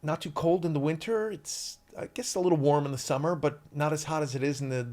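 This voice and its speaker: A man in his fifties from the US East Coast, a guest actor chatting on a podcast and telling stories in an animated, rambling way. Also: on the high side, fairly quick. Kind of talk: casual podcast chat.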